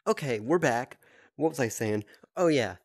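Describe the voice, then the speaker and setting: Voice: mid-range voice, expressive, normal speed, breathy edge, no echo. A gaming video host giving chatty VR gameplay commentary and playfully taunting enemies.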